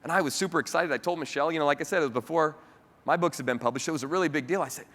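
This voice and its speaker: A man's voice: a little high, rapid-fire. A man giving a keynote speech, telling a personal story with feeling and acting out the voices of the people in it. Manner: lively storyteller who acts out quoted dialogue. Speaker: keynote speaker. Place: large hall with a live audience. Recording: long hall reverb.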